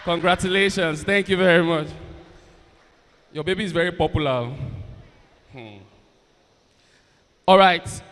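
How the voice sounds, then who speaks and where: A man's voice: high-pitched, measured pace, long pauses, fairly bright tone. A man working as a comedian and event MC, teasing the audience and hyping up the crowd on stage. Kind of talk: stand-up banter and stage hosting. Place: large university event hall on stage. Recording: long hall reverb over a PA.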